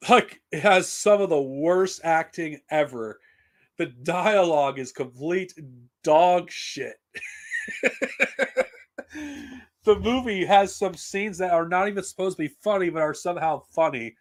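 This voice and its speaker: A man's voice: a little high, moderate pace. A man talking casually on a live stream, blunt and profane, rambling with frequent restarts. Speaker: streamer reviewing comics and films.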